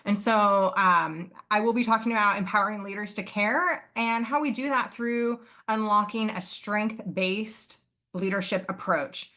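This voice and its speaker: A woman professor presents live over a video call, her voice bright and forceful. She explains earnestly, pausing on fillers and correcting herself as she goes. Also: mid-range voice. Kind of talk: live online conference presentation.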